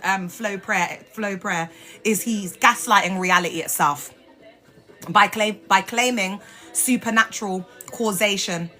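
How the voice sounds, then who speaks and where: Bright, sassy woman streaming live. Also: mid-range voice. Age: adult mother. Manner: blunt, sassy, swears freely. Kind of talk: casual live stream talk. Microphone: phone.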